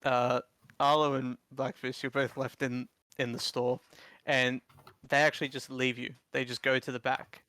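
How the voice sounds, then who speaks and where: Male game master, casual and rambling, bright tone. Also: mid-range voice, flat delivery, normal speed, dry recording. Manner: casual, rambling with many fillers. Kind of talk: narrating a tabletop game.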